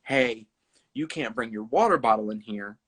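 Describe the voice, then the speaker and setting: A man's voice: mid-range voice, moderate pace, a bit bright, husky. A man in his twenties, a podcast guest telling a casual anecdote in a laid-back way and often breaking into laughter. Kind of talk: casual storytelling chat.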